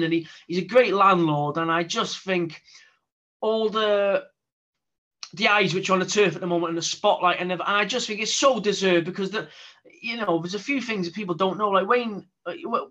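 Male guest, high bright voice, rambling anecdotes, dull lo-fi audio. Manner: chatty storyteller with many restarts. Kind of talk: casual chat. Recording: dull lo-fi sound.

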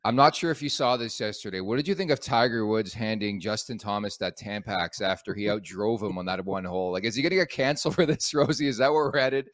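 A man hosts a sports show and teases his guest in a playful, chatty way. His voice sits a little low. The recording is dry and close to the mic. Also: fast talker, few pauses, no room sound. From Canada. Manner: playful, teasing interviewer. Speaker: sports podcast host. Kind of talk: casual chat.

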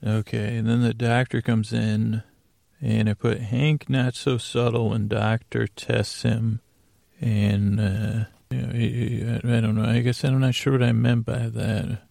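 Man, podcast host, meandering sleepy recap, halting, monotone, mellow, gravelly. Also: on the low side, no room sound, studio quality. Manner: meandering, halting, with many uhs and self-corrections. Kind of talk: rambling sleepy recap of a TV episode.

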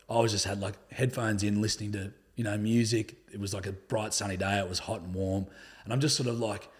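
Husky, laid-back Australian man. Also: fairly low pitch. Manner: laid-back, swears often, says "like" a lot. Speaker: podcast guest. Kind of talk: casual conversational storytelling.

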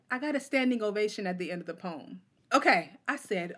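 A woman poet in her forties, a guest on a talk show, telling stories in an animated, casual way and acting out the voices of people she quotes. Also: mid-range voice, brisk, few pauses. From Oakland, California. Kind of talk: casual interview storytelling.

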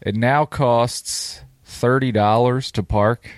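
A man's voice: medium pitch, steady tone, slow pace, a little hiss or hum. A man co-hosting a casual podcast chat, blunt and swearing freely. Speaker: podcast co-host.

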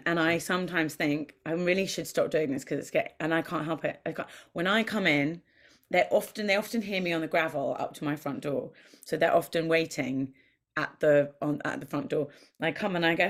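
A woman guest on a podcast, chatting and telling lively anecdotes, acting out what she and others said. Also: on the low side, moderate pace. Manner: animated storyteller who acts out voices and quotes.

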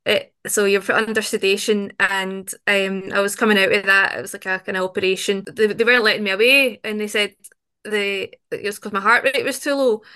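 A woman's voice: mid-range voice, fairly even intonation, a little fast, sharp tone, smooth. A woman, a podcast guest talking openly and chattily, with frequent restarts. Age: 20s. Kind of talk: conversational interview.

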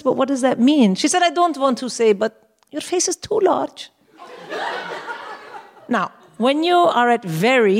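A woman in her forties co-hosting a live comedy show, telling a wry, animated story and swearing freely on a stage. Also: medium pitch. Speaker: co-host. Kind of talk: comic storytelling to a live audience.

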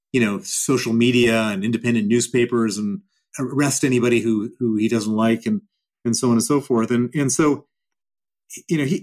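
Emphatic male guest, mid-pitched voice. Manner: emphatic and repetitive. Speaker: interview guest. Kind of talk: explanatory interview answers.

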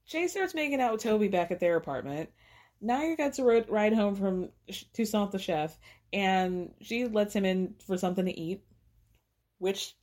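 A woman's voice: medium pitch, darkish tone. Chatty woman recapping a TV episode. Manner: chatty, slangy, acts out quotes with laughs. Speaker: podcast host. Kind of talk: casual TV recap.

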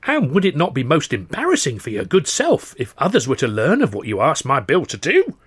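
A man voicing an old woman street crone who speaks slowly and insinuatingly in a high voice, in a storybook reading. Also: huge pitch swings, slightly rough, exaggerated voice. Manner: slow, insinuating, high-pitched. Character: old female street crone selling heather.

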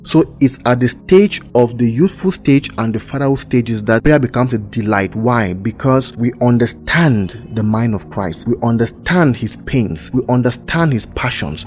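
A man's voice: medium pitch, darkish tone. Earnest man teaching from Scripture. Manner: earnest and emphatic, builds repeated lists. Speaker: podcast host and Bible teacher. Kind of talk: podcast Bible teaching. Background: faint ambient worship music.

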